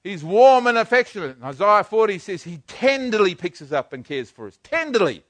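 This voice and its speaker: An older man preaching a sermon, swinging from hushed to loud. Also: high-pitched, big pitch swings, brisk, dry recording. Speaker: pastor.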